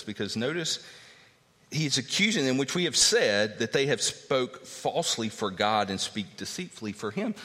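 A man preaching a sermon in a conversational, animated way, acting out quoted voices as he teaches. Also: fairly low pitch. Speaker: pastor. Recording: long hall reverb.

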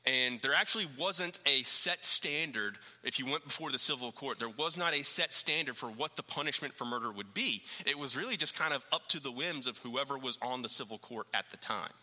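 Bright-voiced preacher man in a reverberant hall. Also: a little fast, few pauses. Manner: animated, swings from low and quiet to loud, high emphasis, asks rhetorical questions. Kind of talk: expository sermon.

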